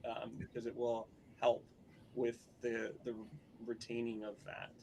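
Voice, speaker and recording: A man co-hosting a casual chat, giving loose, halting advice with fillers. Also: mid-range voice, completely flat delivery, vocal fry, darkish tone, poor audio.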